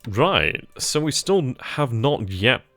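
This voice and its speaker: A man thinking aloud as he plays a strategy game, trailing off mid-sentence and bursting into giddy excitement at good news. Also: mid-range voice, slow, no room sound, soft background music. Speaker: let's play gamer.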